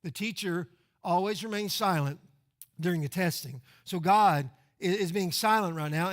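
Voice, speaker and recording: High-pitched guy preaching in church, chatty, keeps asking "right?" and doubling words. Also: fairly bright tone. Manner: conversational, rhetorical questions, repeats words. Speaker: pastor. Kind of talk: expository sermon. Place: church sanctuary.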